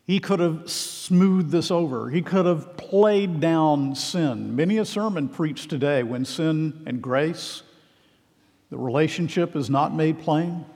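Earnest preacher in a reverberant hall. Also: male voice, on the high side, slow pace, darkish tone. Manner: earnest, emphatic preaching with pointed questions to the hearers. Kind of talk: sermon.

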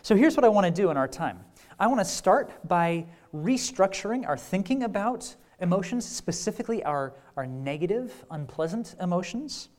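A man preaching a teaching session with an easy, conversational manner. He sprinkles in "right?" checks and dry little jokes, and the fillers and restarts keep it relaxed. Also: high voice, normal speed. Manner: wry humor. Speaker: pastor. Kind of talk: conference teaching talk.

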